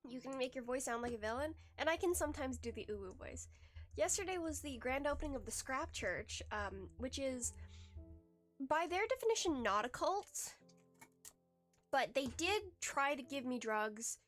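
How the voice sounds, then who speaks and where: Over faint background music, a female streamer talks casually as she plays, wandering off topic and starting sentences over with small giggles. Her voice is high-pitched and slightly bright, animated, at a moderate pace.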